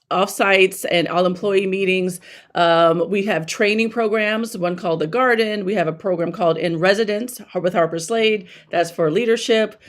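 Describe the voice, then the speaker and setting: Woman, interview guest, emphatic, colloquial, lively asides. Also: fairly low pitch. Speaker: guest, racial equity strategist. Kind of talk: casual interview talk.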